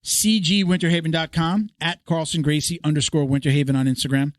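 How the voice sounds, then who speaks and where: A man's voice: a little high, fairly even intonation, fairly quick, dry recording. Chatty man hosting a podcast. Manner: rambling, laughs often. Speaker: podcast host. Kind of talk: casual podcast chat reading sponsor reads. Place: studio.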